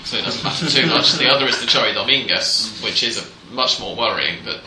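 A man's voice: mid-range voice, a little fast, roomy sound, crowd noise, low-quality recording. A man hosting a casual podcast chat about football in a wry, chatty, self-deprecating way. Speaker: podcast host.

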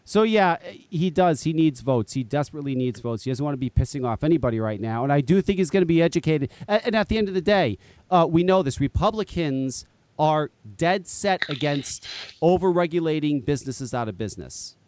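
A man's voice: on the high side, brisk, no echo. A man hosting a live call-in show, talking casually and rambling, with frequent swearing. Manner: animated, rambling, swears freely. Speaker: podcast host. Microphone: headset.

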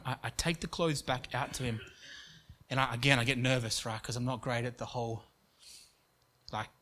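A man's voice: mid-range voice, a bit bright. A young man preaching, telling a story in an earnest way with frequent restarts. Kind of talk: sermon story.

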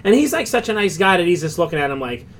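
A man's voice: sits high, fast, a little hiss or hum. A man, chatting on a podcast. He tells stories with lots of energy, acts out the people in them, and swears freely along the way. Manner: animated storyteller, swears freely. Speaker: podcast co-host. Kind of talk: casual chat.

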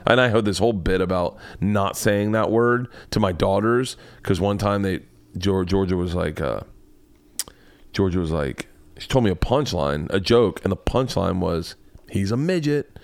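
Man, comedian, podcast monologue, low voice, dry room sound, profane, rambling. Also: moderate pace, dry recording. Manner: profane, self-interrupting storytelling. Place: home man cave.

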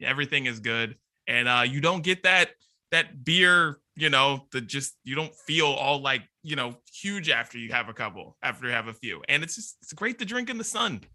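A man's voice: medium pitch, lively intonation, moderate pace, pushed and bright. A man co-hosting a casual podcast chat, laid-back and laughing easily. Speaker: podcast co-host.

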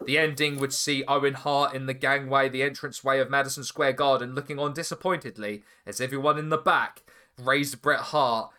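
Bright, animated male podcast host. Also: medium pitch. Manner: animated storytelling, swearing, quick laughs. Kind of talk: casual recap chat.

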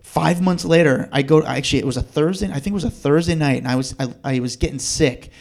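Podcast guest, male, quick-talking, slightly high, animated storyteller. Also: gravelly. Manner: animated, acts out the people in his story. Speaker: podcast guest, TV news producer. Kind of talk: casual storytelling chat.

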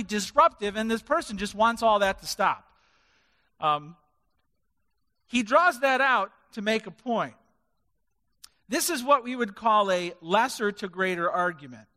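Preaching in a hall full of reverb, a male pastor uses stacked word lists to press his points with emphasis. His voice sits high and sounds pushed and bright.

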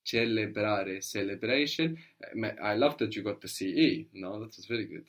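A man teaching a language lesson, patiently encouraging and modeling words slowly, syllable by syllable. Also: fairly low pitch, expressive.

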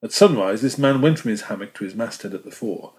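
A man reading a classic novel aloud as an audiobook narrator, measured and dropping softly at the ends of phrases. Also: fairly low pitch, animated. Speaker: audiobook reader.

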